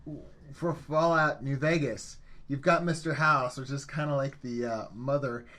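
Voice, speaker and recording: A man on a casual podcast, talking haltingly as he searches for words. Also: medium pitch, fairly even intonation, sharp tone. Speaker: podcast co-host. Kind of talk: casual chat.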